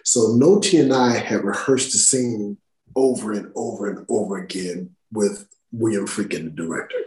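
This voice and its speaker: Profane storytelling actor in an echoey room. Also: male voice, fairly low pitch, moderate pace. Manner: profane, animated storyteller acting out quotes. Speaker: podcast guest, actor. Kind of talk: casual storytelling interview. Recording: roomy echo.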